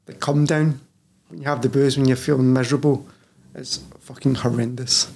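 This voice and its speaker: Gravelly Scottish man, candid and sweary. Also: medium pitch, steady tone, moderate pace, a little mellow. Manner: candid, sweary, says "mate" constantly. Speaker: guest, personal trainer. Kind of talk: casual podcast chat.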